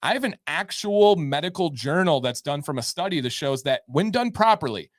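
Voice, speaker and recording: A man hosts a live-stream advice chat, reading questions and answering with upbeat emphasis. His voice sits a little high. The sound is dry and close, with little room echo. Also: expressive, normal speed. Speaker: show host giving beard advice.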